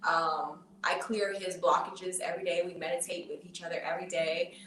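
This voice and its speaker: A woman's voice: lowish voice, flat delivery, normal speed, a bit bright. A woman, a tarot reader guest on a podcast, chatting casually and earnestly explaining spiritual ideas with fillers. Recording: roomy, distant from the mic.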